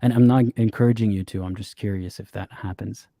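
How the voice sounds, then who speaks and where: Male host, low and very dark voice, dry close mic, curious questioner. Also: fairly even intonation, fairly quick, no echo. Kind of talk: call-in show hosting.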